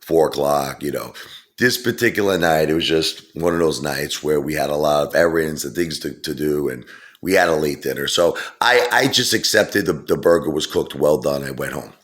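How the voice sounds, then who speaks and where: A man's voice: extremely low pitch, normal speed. A middle-aged man telling a rambling, casual story full of fillers and asides. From Brooklyn, New York. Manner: rambling, digressive, many fillers. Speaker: vlogger.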